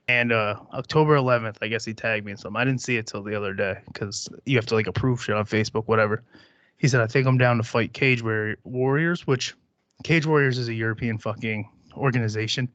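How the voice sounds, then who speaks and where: A man's voice: medium pitch, fairly bright tone, dry recording, lo-fi sound. A man in his thirties hosting a podcast, talking bluntly and dismissively with plenty of swearing. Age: 30s. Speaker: podcast host. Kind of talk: casual chat.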